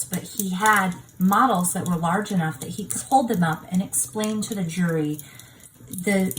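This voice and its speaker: A woman's voice: lowish voice, recorded from a distance, a little hiss or hum, poor audio. Agreeable woman guest chiming in. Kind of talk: casual true crime chat.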